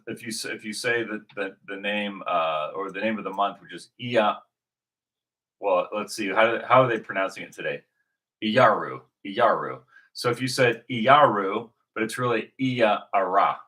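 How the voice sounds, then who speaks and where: A man with a fairly low voice and a bright, forceful edge. He talks through his ideas off the cuff, circling back and restarting phrases as he works them out. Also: rough recording. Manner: rambling, thinking aloud with frequent restarts. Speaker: video host. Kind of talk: unscripted spoken reflection.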